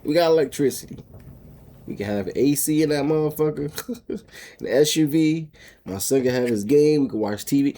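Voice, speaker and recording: A man with a husky, mellow voice tells a personal story straight to his viewers. He rambles, restarts his sentences and breaks into laughs, getting more emotional as he goes. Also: mid-range voice, normal speed. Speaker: homestead vlogger. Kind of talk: casual storytelling to camera.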